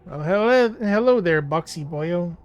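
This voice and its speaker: A man's voice: high voice, lively intonation, measured pace, highs cut off, soft background music. A man voicing a chatty old male robot with a folksy, chummy way of talking, as he reads a game character aloud. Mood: jovial.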